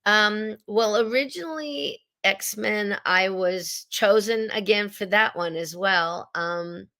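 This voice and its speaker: A woman in her sixties, a Canadian actress, telling her story in a relaxed interview, with an expressive, husky voice. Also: medium pitch, slow.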